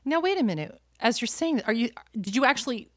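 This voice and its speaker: A woman co-hosting a casual podcast, chiming in with teasing remarks and quick questions. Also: a little high, animated, dry recording. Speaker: podcast co-host. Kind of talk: casual chat.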